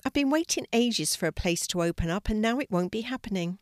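Storybook schoolgirl read by an older woman, bright and bossy, dry close sound. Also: medium pitch, lively intonation, brisk, no echo, pitched above the performer's own voice, close to an everyday voice. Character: cheerful, organised young schoolgirl. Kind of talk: storybook reading.

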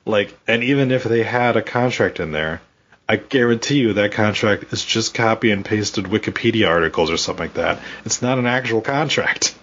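A man's voice: lowish voice, brisk, slightly rough, dull audio. A man co-hosting a casual podcast, ranting and swearing a lot as he talks. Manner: profane, ranting, animated. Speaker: podcast co-host. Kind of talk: casual wrestling podcast chat.

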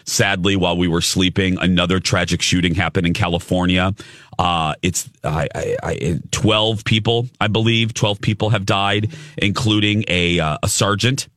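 A man with a low, bright voice hosts a morning radio show from a studio. He chats casually and tells stories with animation, laughing often. The sound is close and dry, with no room around it. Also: fairly even intonation, moderate pace, no echo. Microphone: studio microphone.

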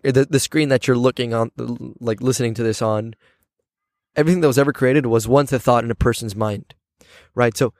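A man's voice: medium pitch, darkish tone, dry recording, studio quality. A man hosting a podcast, talking things through in a reflective, casual way and often checking in with his listener. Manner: thoughtful, keeps checking in with "right?". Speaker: podcast host. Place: outdoors on campus steps.

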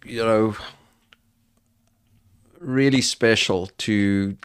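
A middle-aged man, a podcast guest speaking slowly and with pauses. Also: fairly low pitch, smooth, dry recording. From South Africa. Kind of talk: casual interview.

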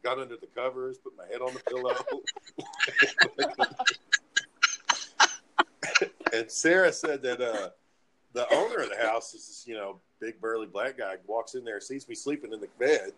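A man's voice: mid-range voice, measured pace, pauses often, very noisy. A man casually telling friends a wild party story, swearing freely and acting out what everyone said. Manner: profane, animated retelling with acted-out quotes.

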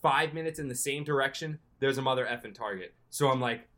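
A young man casually telling a long, animated story as a podcast co-host, often slipping into excited quoted self-talk. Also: mid-range voice, fairly quick.

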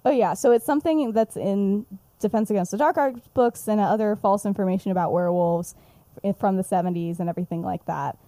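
Giggly young woman, dark mellow voice. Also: mid-range voice, brisk, no room sound. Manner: animated, giggly, acts out the characters' lines. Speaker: podcast co-host. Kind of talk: casual chat, retelling her own story.

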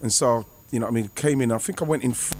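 A former footballer, telling a rambling, excitable anecdote over a remote call. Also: male voice, mid-range voice, rapid-fire. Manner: rambling, excitable, many restarts and fillers. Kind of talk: casual anecdote on a podcast.

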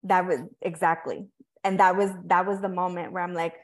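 A woman's voice: on the low side, flat delivery, moderate pace. Reflective woman podcast host. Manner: emotional, reflective, many restarts and "right?" tags. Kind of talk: candid conversational storytelling.

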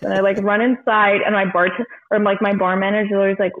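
A woman who works as a bartender, co-hosting in casual chat, telling animated stories, acting out quotes and swearing freely. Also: mid-range voice, a little fast, narrow, tinny audio. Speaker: bartender, podcast co-host.

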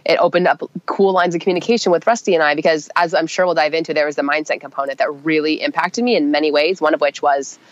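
A woman's voice: low voice, fairly even intonation, fast, few pauses, no echo. A woman co-hosting a podcast, chatting casually and upbeat with many fillers, her voice nasal from a cold. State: nasal, getting over a cold. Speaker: podcast co-host. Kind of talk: casual chat. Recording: dull, dry sound.

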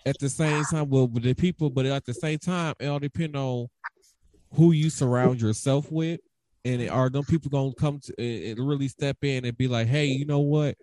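Man, casual group chat, hesitant, lots of fillers, mid pitch. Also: moderate pace, warm tone.

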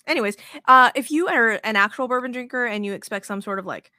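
A woman hosting a podcast in casual chat, excitable and rambling, with the odd swear. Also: fairly high pitch, quick pace, no echo, clean studio sound. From moved to Texas as an adult. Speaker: podcast host.

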